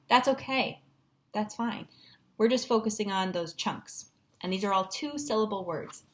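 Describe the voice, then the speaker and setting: A woman's voice: medium pitch, moderate pace. A woman teacher giving a patient, encouraging phonics lesson at a whiteboard, sounding out syllables.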